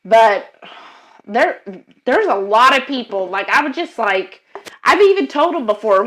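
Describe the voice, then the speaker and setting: Chatty higher-voiced woman. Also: expressive, a little slow, a bit bright. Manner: chatty, with frequent fillers and self-quotes. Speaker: co-host of a cooking livestream. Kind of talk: casual chat, reading viewer comments aloud.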